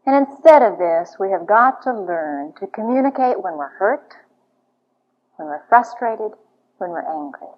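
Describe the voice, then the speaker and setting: A woman giving a teaching talk to a church audience, earnest and confessional, weaving in stories from her own life. Her voice sits at an ordinary middle pitch. It comes through a dull, lo-fi recording. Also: lively intonation, a little slow. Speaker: Christian marriage speaker.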